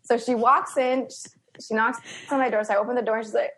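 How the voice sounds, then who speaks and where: A woman's voice: a little high, steady tone, fast talker, a bit bright. A woman guest on a podcast, teasing her friend in casual chat and acting out stories. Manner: teasing, acts out stories with quoted voices.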